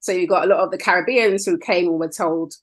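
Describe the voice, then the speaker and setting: A woman hosting a podcast, chatting in an affirming, animated way during an interview. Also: on the low side. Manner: warm, affirming, quick and animated. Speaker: podcast host. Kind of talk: conversational interview.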